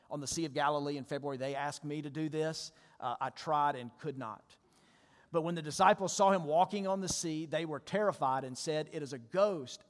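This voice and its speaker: A male pastor giving a sermon in a church, talking conversationally and asking his congregation questions. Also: fairly high pitch. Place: church sanctuary. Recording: long church reverb.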